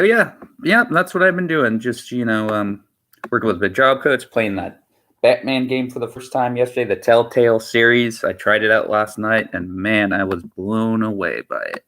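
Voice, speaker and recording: A male streamer talks loosely to his viewers, wandering from point to point and repeating himself. His voice sits a bit low, yet it has a bright, forceful edge. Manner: rambling, repeats himself, many "you know" fillers. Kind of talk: casual livestream chat.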